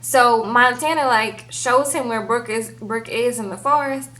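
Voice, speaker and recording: A woman giving a casual, animated recap of a TV episode, peppering it with "girl" and "okay?". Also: fairly high pitch, measured pace, poor audio. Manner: chatty, animated, says "girl" and "okay?" often. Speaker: TV show recap reviewer.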